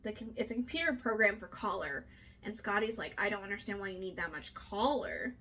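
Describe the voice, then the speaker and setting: A young woman co-hosting a casual book discussion, chatty and animated, swearing now and then and acting out what characters say. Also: mid-range voice, a little fast. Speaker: book club co-host.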